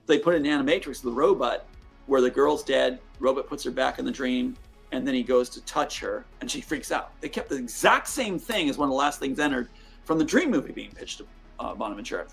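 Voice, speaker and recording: A man's voice: mid-range voice, expressive, brisk, gravelly, husky, soft background music. A man retelling a film story in a rambling way with fillers, heard in a clip.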